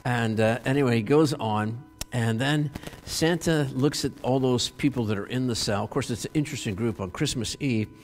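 A man gives a sermon and retells a story in a lively, animated way, often stopping on fillers and restarting his sentences. His voice sits at a middle pitch and rings with the long reverb of a hall. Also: moderate pace, faint music behind. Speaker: pastor.

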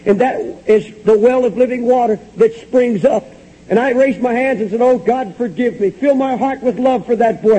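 A man preaching a sermon, fervently retelling a story with quoted dialogue, swinging from hushed low passages to high, urgent ones. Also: husky. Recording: dull lo-fi old recording.

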